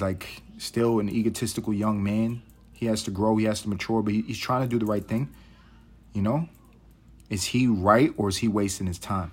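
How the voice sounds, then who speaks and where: A man's voice: medium pitch, breathy edge. A man hosting a podcast, talking in a rambling, profane, wry casual monologue. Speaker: podcast host. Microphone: podcast mic.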